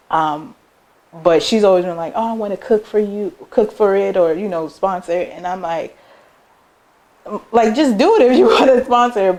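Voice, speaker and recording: A woman business owner telling personal stories in an interview, loose and chatty, acting out her family's words as she goes. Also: fairly low pitch. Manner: animated, acts out family members' words in quoted voices; loose conversational phrasing with frequent "like" and "um".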